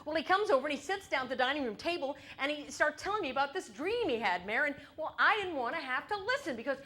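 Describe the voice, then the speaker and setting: A woman on stage voicing her fed-up sister, rattling on quickly in a solo show. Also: high voice, sing-song, bright, forceful tone, exaggerated voice. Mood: exasperated. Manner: rapid, breathless run-on telling.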